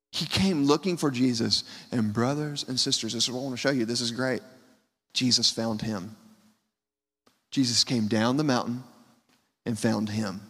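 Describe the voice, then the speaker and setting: A man preaching a sermon, his delivery swinging between hushed lows and loud, high cries. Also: slightly rough, long reverb tail. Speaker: pastor.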